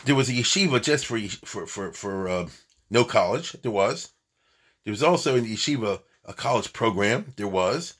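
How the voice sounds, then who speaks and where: A man's voice: lowish voice, lively intonation, moderate pace, fairly bright tone, slightly rough. A man giving an informal lecture on history, chatty and digressive, often checking in with his listeners.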